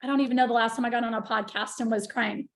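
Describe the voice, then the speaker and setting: A high-voiced woman talks with gushing passion over a video call. Her voice rings in an echoey room, and she sounds close to tears. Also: steady tone, quick pace. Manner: gushing, passionate, wells up with emotion. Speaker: guest on a group video call. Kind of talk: emotional casual sharing.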